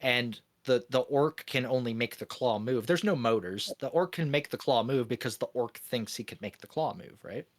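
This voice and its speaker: A man co-hosting a gaming podcast, telling a long joke with lively energy, swearing freely and laughing often. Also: mid-range voice, normal speed, hardly any pauses. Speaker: podcast co-host. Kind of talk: casual podcast chat.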